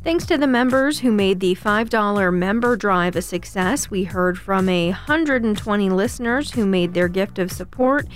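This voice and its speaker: A woman announcing station news, traffic and weather in an even, informative read. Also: mid-range voice, normal speed, hardly any pauses, soft background music.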